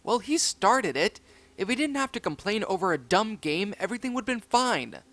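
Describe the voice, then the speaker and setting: A man's voice: sits high, big pitch swings, moderate pace, fairly bright tone, voice pushed up, exaggerated voice. A man voicing a cocky, playful young male pup with a boastful, sarcastic edge. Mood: annoyed.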